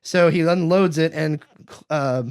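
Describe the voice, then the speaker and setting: A man's voice: a little high, a little slow, smooth, no room sound, clean studio sound. Man animatedly recapping a film. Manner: animated retelling, acting out characters' lines in raised voices. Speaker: podcast host.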